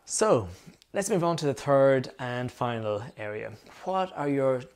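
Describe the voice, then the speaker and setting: A man's voice: medium pitch, expressive, measured pace, darkish tone. A middle-aged man from Ireland with an Irish accent, hosting a conversational interview and steering it with curious questions. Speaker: host.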